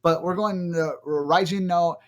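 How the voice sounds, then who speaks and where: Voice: mid-range voice, steady tone, unhurried, muffled recording. An esports caster giving live tournament commentary from a home setup into a desk mic with a pop filter, talking in a chatty, rambling way with laughing asides. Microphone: desk microphone with pop filter.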